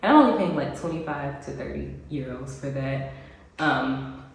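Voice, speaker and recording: A woman's voice: a bass voice, lively intonation, normal speed, creaky. An American woman vlogging casually to camera, chatty with frequent ums and little laughs, sounding congested. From United States. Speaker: expat vlogger. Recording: very echoey room, faint background noise.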